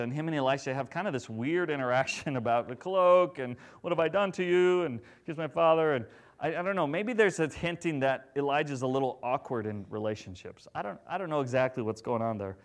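A man's voice: mid-range voice, a little fast. Man preaching a sermon. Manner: swings from loud, animated paraphrase to hushed, gentle tones.

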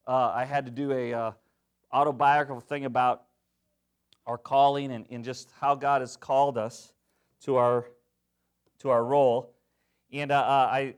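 A young adult man preaching a sermon, emphatic, often checking in with the congregation. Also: medium pitch. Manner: emphatic, call-and-response asides to the congregation. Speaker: pastor.

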